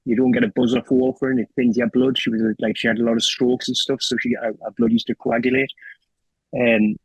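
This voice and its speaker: This middle-aged Geordie guest candidly tells his own story in an interview, emotional and unfiltered, full of swearing and constant "do you know what I mean." He talks fairly quickly in a flat, mid-range voice with a breathy edge, on a low-quality recording with no room sound.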